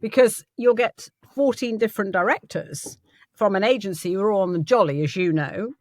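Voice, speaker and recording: A woman's voice: medium pitch, moderate pace, dry recording, clean studio sound. A woman hosting an interview and coaching voice actors, encouraging her guest and laughing along. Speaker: host and voice coach. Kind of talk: interview chat.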